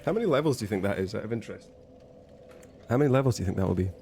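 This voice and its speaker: This streamer speaks very fast in a lowish, creaky, expressive voice, with background noise behind him. He rambles jokily through casual game chat, frequently breaking off his own sentences.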